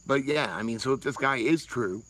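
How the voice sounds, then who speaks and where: A man's voice: medium pitch, a little fast, a bit bright, rough recording. A man, rambling casually and swearing freely on a livestream while answering chat. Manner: rambling, profane, laid-back.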